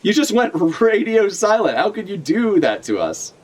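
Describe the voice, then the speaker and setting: A man's voice: high voice, very animated, normal speed, darkish tone, voice pushed up. A man voicing a young woman who scolds a friend for vanishing, in a raised, reproachful tone.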